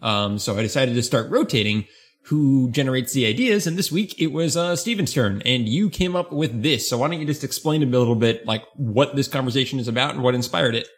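A man hosting a podcast, his voice at an everyday middle pitch. He talks in a relaxed, casual way and slips in dry jokes. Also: a little fast. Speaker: podcast host. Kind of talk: casual chat.

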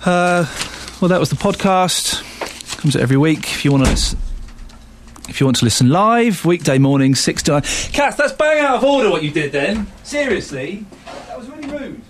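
Man, radio host, casual banter, giggly, high voice, very lively pitch, slight background hiss. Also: normal speed. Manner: giggly, keeps breaking into laughter. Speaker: radio presenter. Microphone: studio microphone.

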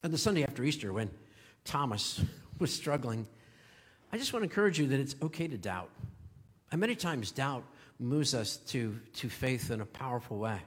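A man's voice: medium pitch, animated, moderate pace, husky. Man preaching in a reverberant church. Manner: storytelling, chuckles often, warm conversational preaching. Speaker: pastor. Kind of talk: sermon. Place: church sanctuary. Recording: long hall reverb.

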